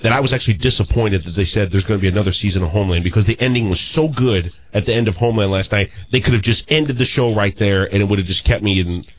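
Fast-talking deep-voiced radio co-host. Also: male voice, muffled recording. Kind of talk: casual radio chat.

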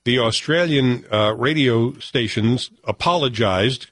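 A man's voice: medium pitch, a little slow, fairly bright tone, no echo. A man hosting a radio talk show, chatting casually in a wry way and reading news items aloud.

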